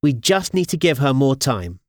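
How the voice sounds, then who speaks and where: A man's voice: medium pitch, normal speed, no echo, clean studio sound. Man reading as a composed young matchmaker. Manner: calm, matter-of-fact.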